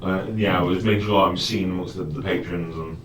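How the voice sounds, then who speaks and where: A man with a lowish voice talks through his moves at a game table, plain and practical. He is heard from a distance in an echoey room with faint noise behind. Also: fairly even intonation, fairly quick. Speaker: player. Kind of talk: casual chat at a game table. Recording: echoey room, far from mic.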